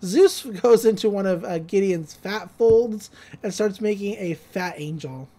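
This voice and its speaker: A woman's voice: mid-range voice, mellow. Rambling woman podcast host. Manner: rambling, full of fillers and quick laughs. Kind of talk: casual episode recap.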